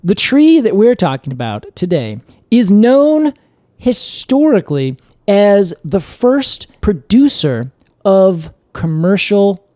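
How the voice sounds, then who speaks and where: A man co-hosting a podcast, telling the story in a playful, animated way in casual chat. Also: high-pitched, slow pace, no room sound, clean studio sound. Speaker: podcast co-host.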